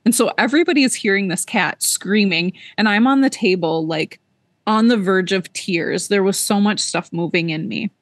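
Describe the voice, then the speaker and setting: A woman co-hosting a podcast, telling a personal story in a casual, animated way and repeating words for emphasis. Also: medium pitch, normal speed, no room sound. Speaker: podcast co-host.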